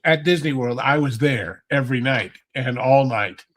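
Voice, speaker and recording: A man's voice: mid-range voice, moderate pace. Rambling nostalgic man. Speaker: podcast panelist. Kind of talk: casual podcast chat.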